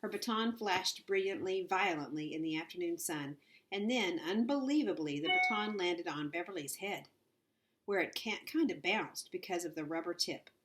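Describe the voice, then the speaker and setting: A woman with a fairly low voice reads a children's novel aloud. She tells it at an easy, unhurried pace. She stumbles over a word now and then. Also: a bit bright, a little hiss or hum. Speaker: audiobook reader.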